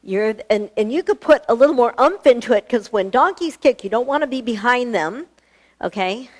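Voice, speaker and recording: In a fitness studio, a woman leads a live online yoga class in a slightly high voice with lively intonation and normal speed. She's chatty and encouraging, laughs often, and sounds a little out of breath.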